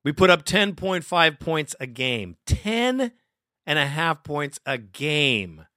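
A man's voice: a little high, big pitch swings, takes it slowly, bright, forceful tone, dry recording, studio quality. A man hosting a sports fan podcast, talking in an emotional, rambling way and laughing often. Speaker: podcast host. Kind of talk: casual fan podcast commentary.

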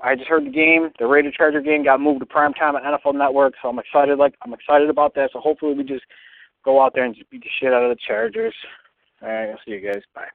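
Man, rambling fan caller, gravelly, lively high voice, tinny phone line. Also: fast, no echo. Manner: rambling, filler-heavy griping.

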